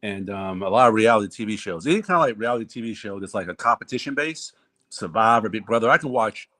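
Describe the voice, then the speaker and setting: A man's voice: fairly low pitch, lively intonation, quick pace, bright, forceful tone. A man joining a livestream panel as a guest, chatting in a friendly, easygoing way with lots of fillers. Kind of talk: casual chat.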